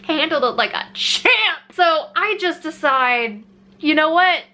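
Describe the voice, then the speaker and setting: A young woman telling a personal story to camera in a candid, animated way, swearing casually and laughing at herself. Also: high-pitched, slow pace. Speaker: vlogger.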